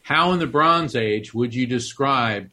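A middle-aged man from Florida, an author and medium, telling a personal story in an interview with earnest, animated restarts. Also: medium pitch, a little slow. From Florida, USA.

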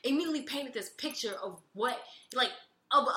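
A woman's voice: high voice, expressive, a little fast, sharp tone, echoey room. A woman co-hosting a podcast, chiming in often and laughing during casual political chat. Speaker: podcast co-host.

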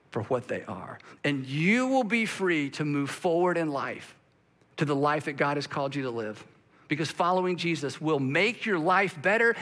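Bright, high-voiced man preaching. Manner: animated, acts out quoted voices. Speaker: pastor. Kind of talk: sermon.

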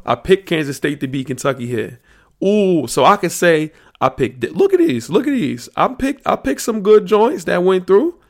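A man with a gravelly, mid-range voice hosts a solo podcast. In casual talk, he riffs loosely and profanely on sports slang, thinking out loud as he goes.

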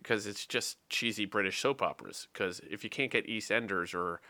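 Bright-voiced man chatting. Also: fairly low pitch, normal speed, dry recording. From Wales. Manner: rambling, hesitant, with many restarts. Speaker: podcast co-host. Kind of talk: casual chat.

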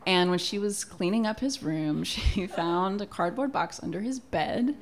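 A woman's voice: lowish voice, unhurried. A young woman telling a comic story about her family in a chatty, wry way, often laughing and acting out quotes. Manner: frequent "like" fillers and acted quotes of family.

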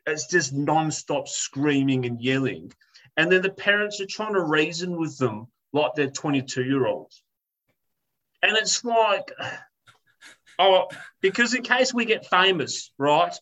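A man's voice: on the high side, animated, takes it slowly, fairly bright tone, rough recording. A man telling a story in a casual chat, ranting animatedly, swearing and acting out the people in it.

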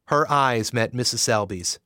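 A man narrating a romance audiobook in an expressive, measured way. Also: mid-range voice, no echo, clean studio sound.

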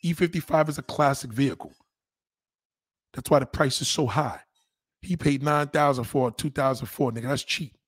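A livestreamer reading viewer comments mocks one in a heated, profane rant, repeating himself for emphasis. He's animated, and his pitch jumps up when he gets indignant. He speaks at a moderate pace with a breathy edge, in clean studio sound with no echo.

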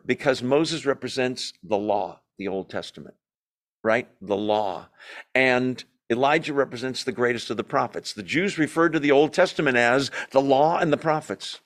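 A man leading a Bible study in a conversational, animated way, joking and acting out quotes as he goes. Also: medium pitch. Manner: animated, jokey, acts out quotes in asides. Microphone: video call or room mic, class also on Zoom.

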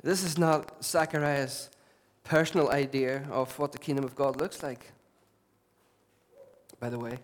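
A man, a lead pastor preaching a sermon with impassioned, repetitive emphasis and quieter asides. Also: mid-range voice, steady tone, measured pace. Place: church hall.

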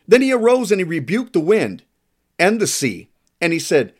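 A man's voice: high voice, lively intonation, fairly quick. A man preaching a sermon, reading scripture and adding emphatic, playful asides.

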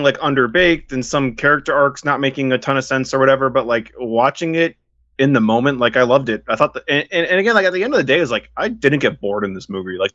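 A man's voice: mid-range voice, fairly bright tone, dry recording. A man co-hosting a casual podcast chat, talking in an enthusiastic, rambling way and saying "like" often. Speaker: podcast co-host. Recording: dry lo-fi sound.

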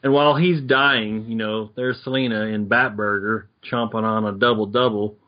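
A man co-hosting a casual comic book podcast, excitable and quick to laugh. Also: lowish voice. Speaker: podcast co-host. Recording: dull lo-fi audio.

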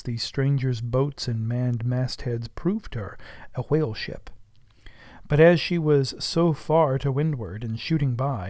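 A man reading a classic novel aloud as an audiobook, measured and at times hushed. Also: medium pitch, dry recording, studio quality. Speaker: audiobook narrator. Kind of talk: literary audiobook narration.

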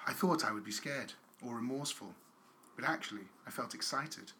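A man hosts a comedy podcast in a joking, irreverent way, shifting into mock-solemn deadpan when he reads aloud. A faint noise sits behind his voice. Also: medium pitch, moderate pace. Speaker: podcast host.

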